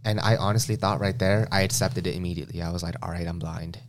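A young man with a very low voice tells a long story in a loose, slangy way, filling his sentences with "like". The recording carries clear room noise underneath him. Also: steady tone, fast. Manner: loose and slangy, heavy use of "like". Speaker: podcast co-host telling a story. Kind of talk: casual storytelling chat.

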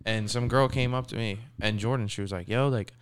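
A young man in his twenties chatting casually on a podcast, telling animated stories and acting out what people said, swearing freely. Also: medium pitch, brisk, background noise. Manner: animated storyteller, acts out quotes, swears freely. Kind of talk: casual chat.

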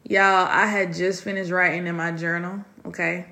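A woman's voice: fairly low pitch, level tone, moderate pace, pushed and bright. A woman hosting a solo podcast from her dining room, talking candidly and heartfelt to her listeners. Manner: heartfelt, confiding, addresses listeners as y'all. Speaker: podcast host.

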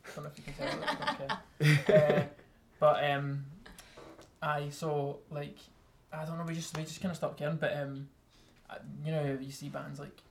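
Man, young adult, gravelly, flat delivery, rambling self-mocking chat. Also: on the high side, moderate pace, slight background noise. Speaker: band member. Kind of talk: casual interview chat.

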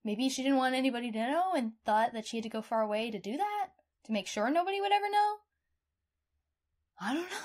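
A woman's voice: high-pitched, brisk. Outspoken woman podcast host. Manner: expressive, outspoken, swears casually. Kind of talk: casual true-crime chat.

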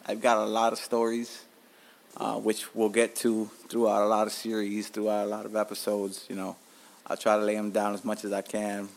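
A man's voice: fairly low pitch, moderate pace, gravelly. Profane storytelling podcast host, a man. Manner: profane, animated, tells stories with acted-out quotes. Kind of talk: casual storytelling monologue.

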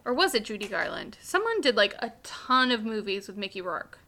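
A woman's voice: on the high side, big pitch swings, a little fast, sharp tone. A young woman co-hosting a podcast in casual chat, upbeat and filling her talk with "like". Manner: upbeat, says "like" a lot. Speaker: podcast co-host.

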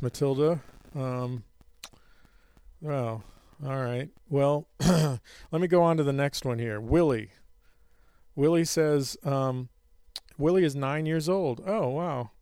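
A man's voice: mid-range voice, measured pace, darkish tone, clean tone, no room sound, clean studio sound. A man hosting a podcast, talking casually with many fillers and a self-mocking humor, then leading a Bible study. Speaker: podcast host.

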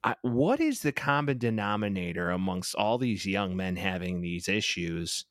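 A man's voice: sits low, very animated, normal speed, fairly bright tone, no room sound, studio quality. A man co-hosting a sports podcast in a crude, rambling, joking way. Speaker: podcast co-host. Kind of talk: casual sports podcast chat.

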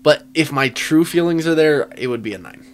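A man's voice: fairly high pitch, expressive, a little fast, a little hiss or hum. A man co-hosting a casual movie review podcast, swearing freely, laughing often and restarting his sentences. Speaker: podcast co-host.

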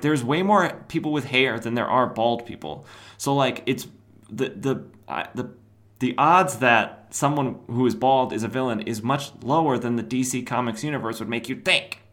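A man's voice: fairly low pitch, fairly bright tone. A man hosting a podcast, casually recapping an old comic with rambling asides. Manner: rambling, many fillers, chuckles at own asides. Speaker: podcast host.

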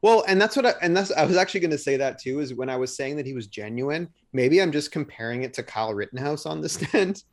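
A man's voice: a little high, animated, fast, hardly any pauses. Rambling man retelling events. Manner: rambling, restarts, retells trial scenes with quoted lines. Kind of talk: casual chat.

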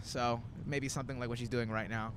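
A man's voice: mid-range voice, flat delivery, brisk, a bit bright, a little hiss or hum. A man in his twenties, a comedian hosting a casual road-trip chat, telling rambling stories full of quoted asides. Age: 20s. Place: in a moving car.

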